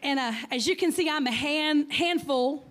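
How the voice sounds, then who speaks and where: Her voice sits high and a bit bright at a moderate pace as this Texan guest speaker, a woman in her fifties, talks chattily to a church crowd. A slight stutter runs through it, and she asks the listeners lots of questions.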